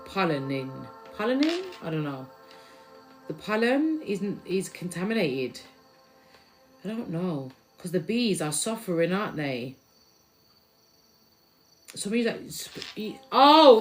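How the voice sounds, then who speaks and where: A young woman giving a spiritual card reading to viewers, chatty and slangy, swinging between loud bursts and hushed asides. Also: on the low side. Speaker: tarot reader.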